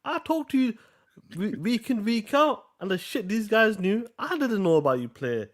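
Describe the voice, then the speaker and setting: A man co-hosting a casual gaming podcast, bantering excitedly in slang. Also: high voice, normal speed. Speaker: podcast co-host.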